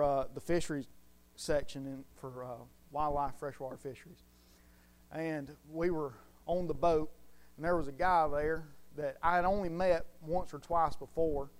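Folksy preacher, higher-pitched man. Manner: folksy, drawling, animated storytelling. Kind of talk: informal sermon.

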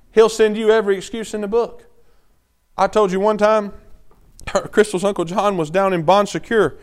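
A man preaching a sermon, moving from quiet teaching to loud, urgent exhortation. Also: high-pitched.

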